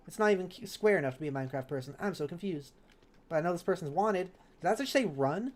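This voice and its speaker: A woman's voice: low voice, expressive, fast talker, a little mellow. A woman streamer in casual live chat while gaming, reading viewers' messages aloud and answering them kindly. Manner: chatty and self-correcting, with laughs.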